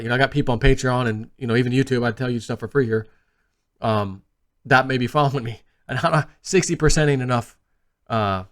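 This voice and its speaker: A man in the middle of his pitch range talks loosely and conversationally. He rambles through his trades, restarting sentences and acting out what was said to him. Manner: chatty, rambling, lots of restarts and retold asides. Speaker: crypto YouTuber. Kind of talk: casual monologue to camera.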